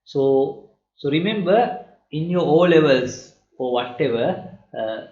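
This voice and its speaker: A man teaching math in a recorded lecture, explaining slowly and checking in with "right?" again and again. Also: fairly high pitch, lively intonation, a little mellow. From Sri Lanka. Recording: lo-fi echoey room.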